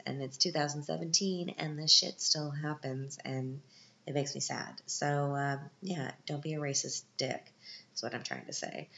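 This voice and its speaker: A woman's voice: very deep voice, creaky, fairly bright tone. A woman in her thirties casually recapping a film, chatty and candid with sarcastic asides. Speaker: podcast host. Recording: echoey, dull lo-fi room.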